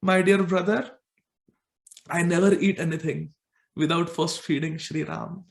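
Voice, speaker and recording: A man doing a gentle loving queen. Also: on the high side, fairly even intonation, measured pace, vocal fry. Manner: soft, affectionate, repeating words. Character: gentle, loving royal queen and elder sister.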